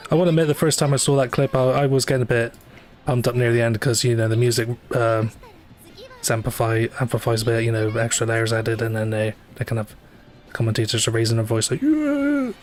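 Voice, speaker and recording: Talking at a quick pace in a level, mid-range voice, a male streamer provides casual live commentary while playing a gacha game. It's rambling talk, heavy on fillers and self-corrections and dotted with dry asides, with faint game music underneath.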